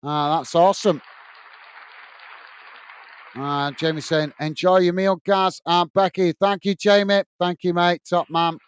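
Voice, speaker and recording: A man's voice: sits high, fairly even intonation, measured pace, long pauses, clear, resonant tone, some chatter behind. A man hosting a football watch-along live stream, reading out viewer comments and giving friendly, repetitive sign-offs with many fillers. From England.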